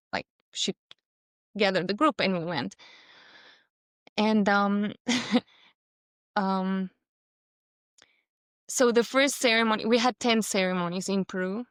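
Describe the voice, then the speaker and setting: Animated woman storyteller. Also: medium pitch, no room sound, studio quality. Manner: animated storytelling with laughs and voiced quotes. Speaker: podcast guest. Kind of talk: casual conversation.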